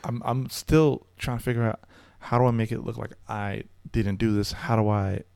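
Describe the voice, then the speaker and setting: A man's voice: medium pitch, steady tone, moderate pace, gravelly, a little mellow, smooth, no room sound. A man telling a comedic story in casual chat, rambling and hesitant, with stammering restarts. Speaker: storyteller guest.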